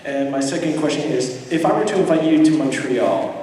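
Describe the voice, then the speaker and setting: A man from Quebec asking an eager fan question at a convention panel, with slightly halting phrasing. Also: mid-range voice, mellow. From Quebec, Canada. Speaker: audience member asking a question. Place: large convention hall. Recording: echoey hall mic from far off.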